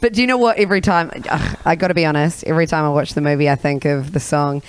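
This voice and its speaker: A man guesting on a podcast, bubbly and quick to laugh. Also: a little high, clean tone, no echo, poor audio. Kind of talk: casual chat.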